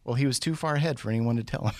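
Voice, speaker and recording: Man, middle-aged, guest speaker, lively storytelling, questions to the room, dry close sound. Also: medium pitch, racing, no echo. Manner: animated, builds suspense with questions. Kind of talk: motivational storytelling.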